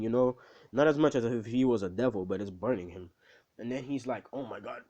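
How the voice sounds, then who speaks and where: A man casually retelling an anime fan story, rambling with fillers and quick asides to the listener. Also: medium pitch, darkish tone, lo-fi sound.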